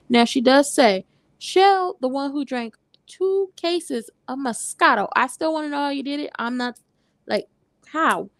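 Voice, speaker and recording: A woman hosts a casual TV recap, talking in a sassy, animated way and acting out the characters' lines as she goes. Her voice sits fairly high. The sound is dry, close and without room echo. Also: takes it slowly, long pauses. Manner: animated, sassy, retells scenes with quoted voices. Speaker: recap host.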